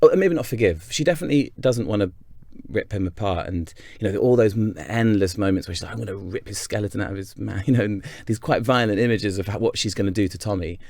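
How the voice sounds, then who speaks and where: Deep-voiced man musing in an interview. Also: expressive, fast talker, few pauses, darkish tone, no echo. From England, North Yorkshire. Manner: thoughtful, rambling with frequent restarts. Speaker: actor, interview guest. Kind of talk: casual interview chat.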